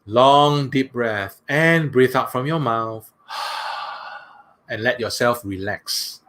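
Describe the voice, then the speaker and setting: A man, a workshop speaker leading a guided breathing exercise in a slow, soothing way, often saying "that's right". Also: medium pitch, fairly bright tone, slight background noise.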